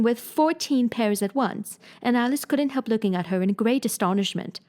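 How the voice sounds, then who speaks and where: A woman reading a classic storybook aloud, narrating in an expressive, gently dramatic way. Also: medium pitch, normal speed, few pauses. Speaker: reader.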